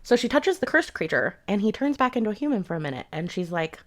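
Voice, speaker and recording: A woman's voice: medium pitch, big pitch swings, fast, hardly any pauses. A young adult woman giving a rambling, sarcastic book review in a casual rant, swearing freely.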